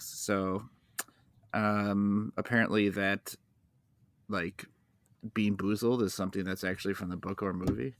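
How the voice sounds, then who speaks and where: Man, podcast host, low voice, dry close sound, low-key casual chat. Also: fairly bright tone, dry recording. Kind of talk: casual chat, snack tasting.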